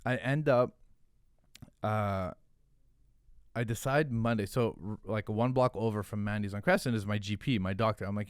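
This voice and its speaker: Lowish male voice, cursing storyteller. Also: normal speed, pauses often, clean tone, no room sound, studio quality. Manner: profane, animated, lots of fillers. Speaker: podcast guest, hot sauce founder. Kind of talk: casual storytelling.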